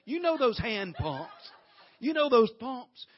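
A middle-aged man preaching a sermon as a guest preacher, folksy and animated, breaking into loud laughter. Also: very high voice, slow, dull audio.

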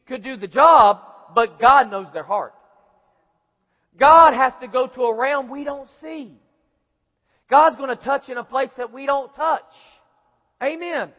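A man preaching a sermon, dramatic and acting out voices, rising to shouts. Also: very high voice. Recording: muffled, hall reverb.

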